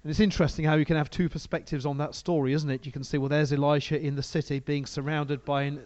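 Guy giving a sermon in church, mellow voice, dry and a bit lo-fi, keeps restarting his sentences. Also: on the high side, little pitch movement, fast talker, no echo. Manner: conversational, hesitant, frequent restarts. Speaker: preacher. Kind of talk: sermon with bible reading.

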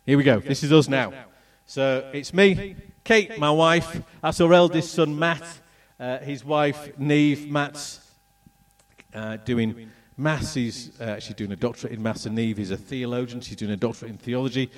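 Middle-aged man from England, animated testimony speaker, mid-pitched voice, distant mic. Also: normal speed. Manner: animated storytelling, acts out voices and moments. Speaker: speaker telling his testimony. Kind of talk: personal testimony talk with slides.

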